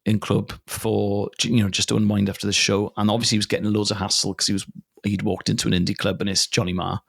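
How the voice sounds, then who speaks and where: A man's voice: lowish voice, fast, vocal fry, no room sound, studio quality. A Welsh man in his forties, a comedian guesting on a podcast, telling a casual anecdote with swearing and laughter. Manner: animated, swearing, laughing storyteller.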